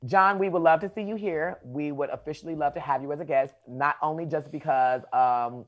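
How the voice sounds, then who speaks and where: Playful male podcast co-host, slightly high voice, muffled mic. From Milwaukee, Midwest US. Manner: playful, chatty, drawn-out teasing. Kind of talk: casual banter.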